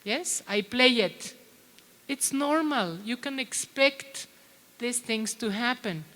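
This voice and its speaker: A middle-aged woman gives a plenary talk at a teachers' conference, chatting with the audience and quizzing them. Her voice is on the high side, a bit bright and animated, and she speaks slowly. The recording has a long hall reverb.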